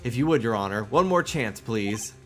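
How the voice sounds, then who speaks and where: A man's voice: medium pitch, lively intonation, normal speed, soft background music, close to an everyday voice. A man voicing an earnest young male defense attorney from a video game, pleading and reasoning through a case.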